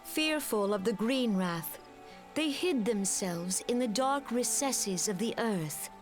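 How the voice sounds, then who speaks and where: An actress playing a solemn woman elder in a video game, recounting her nation's history in a slow, stately way. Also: fairly high pitch, lively intonation. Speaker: game character. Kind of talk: scripted game voice acting. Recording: game audio with music. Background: music.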